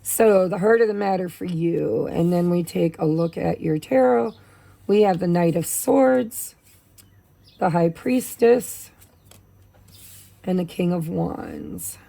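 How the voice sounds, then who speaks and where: A woman with a gravelly voice, losing her voice from allergies, doing a chatty, casual tarot reading. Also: fairly low pitch, takes it slowly, mellow. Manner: chatty, with many fillers. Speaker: tarot reader.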